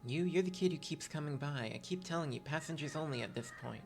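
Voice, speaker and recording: A man's voice: fairly high pitch, fast, vocal fry. A man voicing a fussy, stern gate attendant. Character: stern ship gate attendant, gruff but caring. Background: game music.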